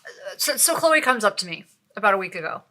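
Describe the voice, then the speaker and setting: A middle-aged woman co-hosting a podcast, telling stories in a lively, animated way. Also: mid-range voice, fast talker. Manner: lively storyteller, animated when quoting. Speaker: podcast co-host, nurse. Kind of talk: casual podcast conversation.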